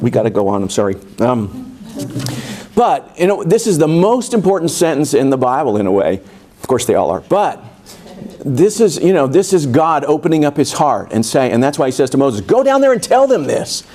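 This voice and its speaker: A man's voice: medium pitch, expressive, normal speed, warm tone. A man preaching a sermon in a church, talking in a loose, conversational way with asides and restarts. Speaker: pastor. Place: church sanctuary.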